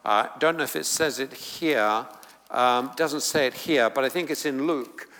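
Slow-speaking preacher man in a reverberant hall. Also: mid-range voice, sharp tone. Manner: halting, many fillers and restarts, emphatic quotes. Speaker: preacher teaching on the Beatitudes. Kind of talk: sermon teaching.

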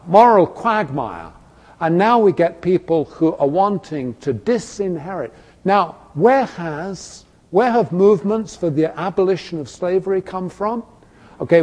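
A man's voice: high-pitched, darkish tone. A man preaching a sermon in a church. He talks emphatically, fires off rhetorical questions, and keeps saying "you see". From Britain. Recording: echoey hall, long reverb.

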